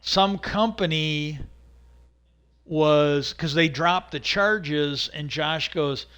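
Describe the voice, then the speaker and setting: A man casually retelling a story as a livestream host, rambling and halting, with many "he goes" and filler words. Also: fairly high pitch, a bit bright, clear, resonant tone.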